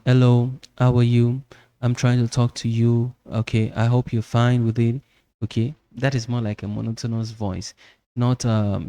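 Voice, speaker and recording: Man, teacher, lecture style, mellow dark tone, repeats himself, keeps asking "okay?". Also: medium pitch, vocal fry. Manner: repeats words and checks in with "okay?". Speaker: psychology teacher. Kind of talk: lecture explanation.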